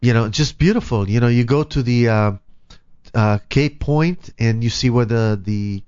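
A man's voice: mid-range voice, normal speed, darkish tone, smooth, no echo, dull audio. A man hosting a morning talk radio show, talking casually with many fillers. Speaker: radio host.

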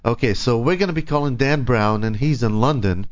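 A man hosting a radio talk show in casual on-air chat, hesitant with frequent pauses and restarts. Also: mid-range voice, no room sound. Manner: hesitant, many ums and restarts. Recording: dry, dull lo-fi studio audio.

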